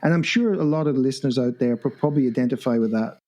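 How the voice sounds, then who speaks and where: Podcast host guy, mellow warm voice, stumbles and restarts a lot. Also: mid-range voice, very fast. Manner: hesitant, restarts often. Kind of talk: casual interview chat.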